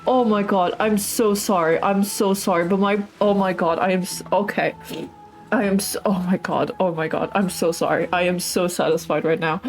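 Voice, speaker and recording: A young woman streaming a game, gushing and exclaiming excitedly to her chat. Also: fairly low pitch, moderate pace, rough recording. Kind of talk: casual gameplay livestream. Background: game music.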